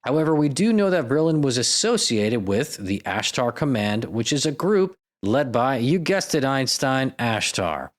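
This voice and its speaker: A man's voice: mid-range voice, sing-song, moderate pace, few pauses. A man hosting a podcast, reading out stories with irreverent, profane, jokey asides. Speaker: podcast host. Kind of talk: comedic podcast narration.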